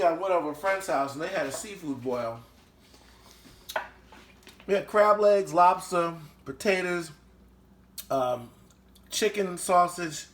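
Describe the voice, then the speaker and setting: A man's voice: on the high side, fairly bright tone, reverberant. A man hosting a casual home cooking show, talking chattily and enthusiastically with lots of fillers as he works in his kitchen.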